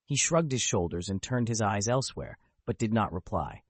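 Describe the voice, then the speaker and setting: A man narrating an audiobook in a low voice that rises and falls with lively expression. His delivery is measured and deliberate, and he is recorded close on the mic in a dry space. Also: slightly rough, no echo.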